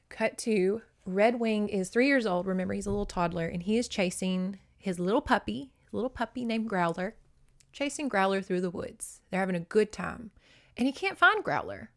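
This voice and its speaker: A young woman hosting a podcast, talking through a book she just read in a loose, chatty way. Her pitch sits at an ordinary middle height, and she drops swear words freely while acting out scenes. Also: lively intonation, normal speed. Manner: chatty, swears a lot, acts out characters. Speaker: podcast host. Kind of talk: casual book recap.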